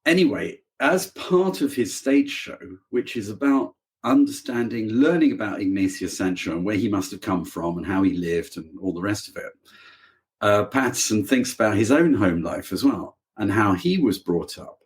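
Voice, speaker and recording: A man with a somewhat low voice chats as a podcast guest. He talks casually and keeps trailing off and restarting. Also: normal speed. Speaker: author guest. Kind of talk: casual conversation.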